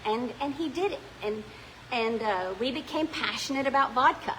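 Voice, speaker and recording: A woman's voice: high-pitched, moderate pace, noisy background. A middle-aged woman from South Africa, the owner of a winery and distillery, telling its story in a chatty, rambling way inside a small distillery. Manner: chatty, rambling, with frequent ums and restarts. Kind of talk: casual storytelling to visitors.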